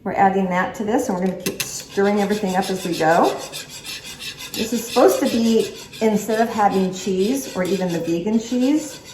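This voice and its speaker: A woman's voice: mid-range voice, normal speed, darkish tone, a little hiss or hum. Woman, home cooking vlogger, chatty and easygoing, phone-filmed in a roomy kitchen with faint utensil clatter. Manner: chatty, talks to viewers while stirring. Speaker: cooking channel host. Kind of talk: casual cooking vlog. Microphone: handheld phone camera. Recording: echoey kitchen, clattering dishes. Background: utensil and dish clatter.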